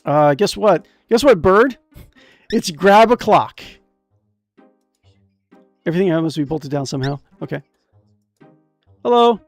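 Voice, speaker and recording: A man's voice: sits high, measured pace, pauses often, no room sound, faint music behind. A young man streaming a fantasy adventure game, reading its text aloud and cracking crude jokes. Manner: excitable, jokey, reads game text aloud with crude asides. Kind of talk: casual gameplay commentary.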